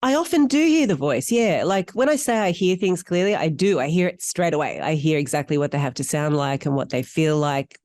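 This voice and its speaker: A middle-aged Australian woman, an actor, telling stories in an interview with animated, candid delivery. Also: fairly quick, hardly any pauses, no echo, studio quality. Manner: animated, candid storytelling with wide pitch swings. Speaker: actor guest. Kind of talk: interview conversation.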